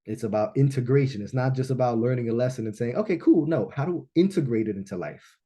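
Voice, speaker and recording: At a business launch event, a fast-talking man with a medium-pitched voice tells a live audience a personal story. He's animated and keeps checking in with "right?"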